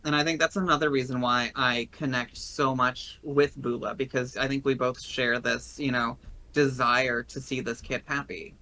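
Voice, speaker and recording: Brief: rambling, heartfelt Tennessee man, bright voice, casual podcast guest. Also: medium pitch, steady tone, normal speed, low-quality recording. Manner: earnest, rambling, openly emotional. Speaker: guest player.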